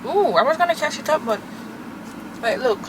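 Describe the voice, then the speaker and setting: A woman's voice: high-pitched, animated, moderate pace, background noise. A young woman, chatting and gushing to camera as a vlogger from her car. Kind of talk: casual chat to camera.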